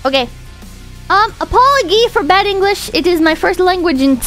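A woman's voice: very high voice, lively intonation, moderate pace, fairly bright tone, soft background music. A woman streamer reading viewer messages aloud in casual, joking chat, swearing freely. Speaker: virtual streamer.

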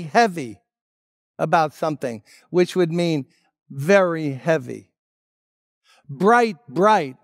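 A man preaching a sermon as pastor, emphatic, dropping to hushed tones and rising on key words. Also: sits high, no echo, studio quality. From United States.

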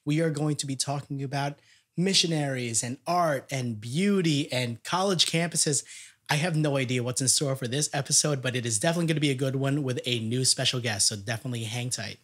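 A man's voice: medium pitch, fairly quick. A man hosting a casual podcast, upbeat and chatty, laughing often as he talks. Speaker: podcast host.

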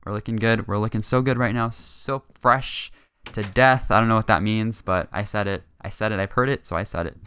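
A young man talking through his own game session in a chatty, hyper way, full of ums and quick laughs. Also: fairly low pitch, sharp tone, clean tone. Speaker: gaming channel host. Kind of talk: gameplay commentary.

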